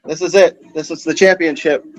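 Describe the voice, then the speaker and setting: A man with a high voice hosts a silly game segment on a comedy podcast, bossy and playful. The sound is dry and close to the mic. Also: fairly even intonation, normal speed, no echo, muffled recording. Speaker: podcast co-host running a game. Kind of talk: casual comedy podcast banter.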